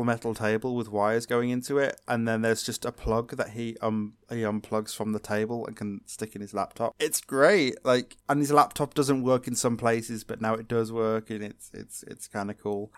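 A man's voice: medium pitch, clear, resonant tone, no room sound, clean studio sound. A man co-hosting a podcast, recapping episodes in a sarcastic, chatty way. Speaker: podcast co-host. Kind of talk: casual podcast chat.

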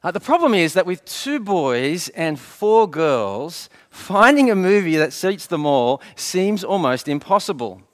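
Lively middle-aged male preacher. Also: high-pitched, a little slow, few pauses. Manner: asks rhetorical questions and answers them; light storytelling with gentle humour. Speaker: pastor. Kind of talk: sermon.

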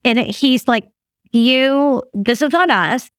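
Taking her time in a voice that sits high, a guest in her fifties tells a story in relaxed conversation. She laughs often and brings others' words to life with animated quoting. It's a dry, studio-quality recording.

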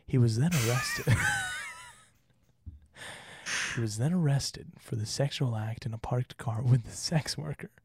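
A man's voice: mid-range voice, unhurried, pauses often, heavy background noise. A man from Utah co-hosting a casual podcast, reading notes and joking between them with frequent laughs. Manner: joking, laughs often, reads notes aloud. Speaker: podcast co-host.

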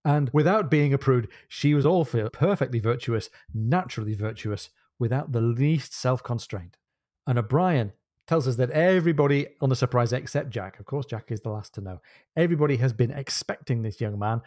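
A man's voice: mid-range voice, moderate pace, darkish tone, no echo, clean studio sound. A man hosting a podcast, retelling a novel's plot with enthusiasm and wry asides. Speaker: podcast host. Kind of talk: casual book discussion.

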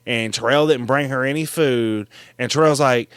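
A man co-hosting a podcast, recapping a movie in animated, swear-filled casual chat. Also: mid-range voice, normal speed, smooth, no room sound. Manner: animated, swears freely, mimics characters.

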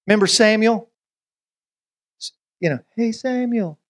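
Animated pastor preaching. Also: male voice, high voice. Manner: conversational, animated preaching with quick asides and voiced quotes. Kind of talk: sermon.

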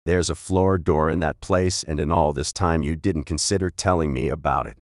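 A curious young woman pushes her questions with stubborn eagerness, as a man reads her in his own low voice. The reading is dry and close. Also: normal speed, no echo. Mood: insistent.

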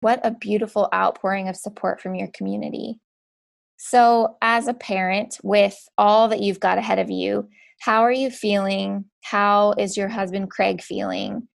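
Gravelly-voiced sympathetic woman interviewer. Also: mid-range voice, steady tone, normal speed. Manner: gentle, sympathetic. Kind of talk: interview questions.

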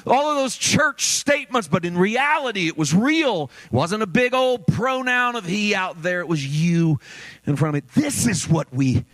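Male pastor, slightly higher voice, emphatic sermon with dramatic shifts between loud and hushed. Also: animated. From United States. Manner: emphatic, swings between loud passion and low slow reading.

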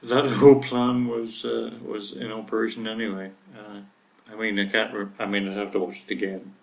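A man's voice: fairly low pitch, level tone, brisk, gravelly, a bit bright, low-quality recording. A man co-hosting a casual chat podcast. He speaks in a wry, teasing way and quizzes his co-host.

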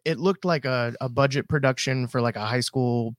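A man's voice: mid-range voice, moderate pace, dry recording, clean studio sound. A man on a panel giving his opinion in casual chat, hesitant with many ums. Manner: hesitant, lots of ums and uhs.

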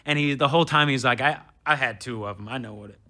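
A man in his thirties, a comedian guest, telling a story in casual chat, animated and swearing as he acts out what people said. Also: mid-range voice, fast talker.

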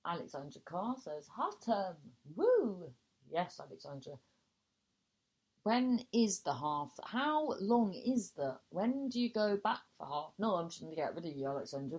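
Chatty woman presenter, lowish voice. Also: a little slow, slightly rough. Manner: animated, exclaiming, swings high in surprise. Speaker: radio presenter reading listener messages. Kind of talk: chatty radio phone-in style presenting.

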